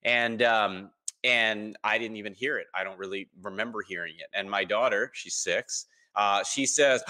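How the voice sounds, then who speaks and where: A man in his thirties talks as a guest in a relaxed interview. His voice is bright and forward, and he jumps into other people's voices whenever he quotes them. His storytelling is lively and full of ums. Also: on the low side, moderate pace. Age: 30s. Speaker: podcast guest.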